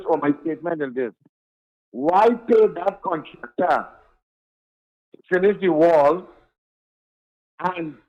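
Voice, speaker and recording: A man's voice: a little high, lo-fi sound. A man calling in, pressing his questions insistently. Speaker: caller. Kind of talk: call-in complaint.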